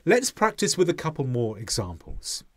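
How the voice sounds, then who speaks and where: A man teaching an English pronunciation lesson, speaking deliberately and modelling example sentences with clear stress. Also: fairly high pitch, huge pitch swings, background noise.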